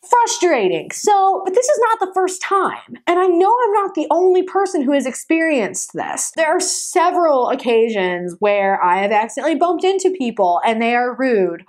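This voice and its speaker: High-voiced woman vlogger, casual, animated, exasperated. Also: moderate pace. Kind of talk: casual storytelling to camera.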